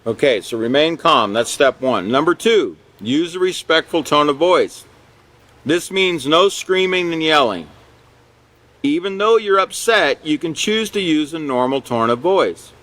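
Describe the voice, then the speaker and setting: A man's voice: fairly high pitch, animated, a little slow, a bit bright. A man teaching a character education class in a conversational lecture style, often checking in with "you know" and "okay" and chuckling along the way.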